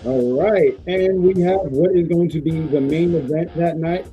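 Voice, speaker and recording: A man's voice: on the high side, a little slow, faint music behind. Rambling man hosting a lo-fi stream. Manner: rambling, filler-heavy, playful. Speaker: podcast host. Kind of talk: casual wrestling prediction chat.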